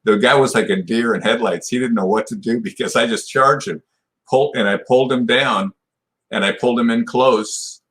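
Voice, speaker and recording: A man's voice: mid-range voice, moderate pace, fairly bright tone. A man in his sixties, a guest in a podcast interview, telling a long story with many restarts and "you know" fillers. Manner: rambling retelling, full of "you know" and restarts. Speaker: podcast guest, martial arts black belt.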